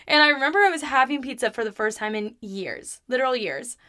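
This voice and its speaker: A young woman in her twenties, her voice sitting a touch high and sounding bright and clear. She talks candidly and confessionally, chatty and full of "like"s. She laughs now and then as she tells her own story on her podcast. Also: animated, a little fast. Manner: open, confessional, chatty with many "like"s; laughs between remarks. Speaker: podcast host.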